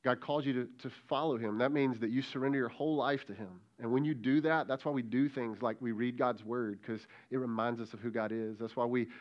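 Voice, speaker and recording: A man's voice: medium pitch, steady tone, a little fast, few pauses, muffled recording. A middle-aged man, a lead pastor, preaching a conversational sermon and calling out directly to kids and students.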